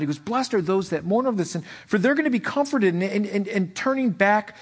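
A man delivering a sermon in a husky, breathy voice set a little high for a man. He talks animatedly, repeats words as he builds a point, and acts out the people in his illustrations. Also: animated, a little fast, few pauses. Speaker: pastor.

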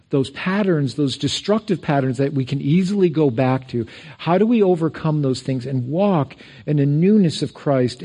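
A middle-aged male pastor delivering a sermon in a church, his voice mellow and a touch higher than most men's. He preaches in a loose, conversational way, weaving in personal stories and circling back over his words. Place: church sanctuary.

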